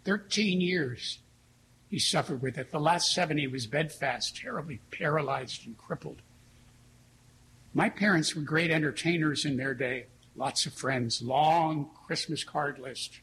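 Higher-voiced priest, earnest and reflective. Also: male voice, a bit bright, a little hiss or hum, poor audio. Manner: earnest, reflective storytelling with slow pauses. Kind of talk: sermon.

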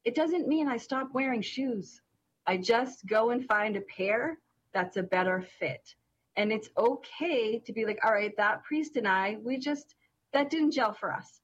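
Brief: middle-aged woman co-host, distinctive voice, lively storyteller, faint ambience behind. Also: on the high side, unhurried, highs cut off, a little hiss or hum. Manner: animated, laughs through her story. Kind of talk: casual storytelling chat.

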